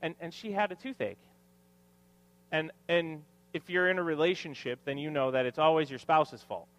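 A man's voice: a little high, fairly even intonation, normal speed, a bit bright. A man in his thirties preaching a sermon to his congregation, mixing scripture with joking, self-deprecating family stories. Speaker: pastor. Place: church hall with congregation.

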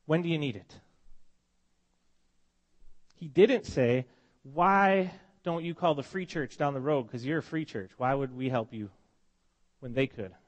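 Pastor with a cold, mid-pitched male voice, casual storytelling sermon with frequent restarts. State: has a cold. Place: church congregation meeting in a school.

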